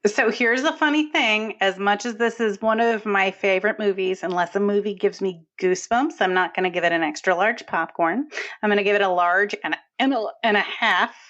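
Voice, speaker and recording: A woman co-hosting a film podcast in casual chat, animated and acting out movie lines. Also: mid-range voice, fairly quick, muffled recording. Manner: animated, acts out movie lines in character voices. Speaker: podcast co-host.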